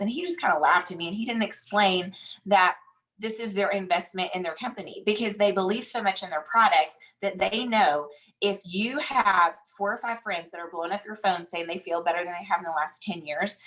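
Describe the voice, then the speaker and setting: A woman in her thirties with a Southern drawl, telling an animated, chatty motivational story as a guest speaker. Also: medium pitch, normal speed, low-quality recording. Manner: animated, chatty, says "y'all" and "like" often.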